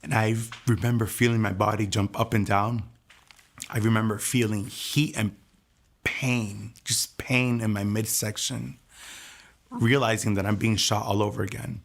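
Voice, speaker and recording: A man telling his personal testimony in an earnest, soft-spoken way. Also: fairly low pitch, steady tone, measured pace, creaky. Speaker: testimony speaker.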